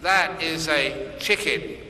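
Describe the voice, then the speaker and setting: A man's voice: a little high, slow pace, sharp tone, a little hiss or hum, full character voice. A man voicing a young newlywed wife who sweetly insists she is right. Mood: insisting. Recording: echoey hall from far off.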